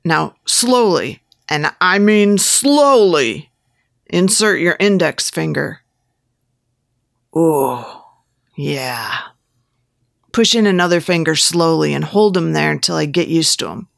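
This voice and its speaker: Woman doing a sleazy bossy photographer guy, low gravelly voice, coaxing, dry close audiobook sound. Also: moderate pace, few pauses, dry recording. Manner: coaxing, giving step-by-step instructions. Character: pushy lecherous male photographer, coaxing and bossy.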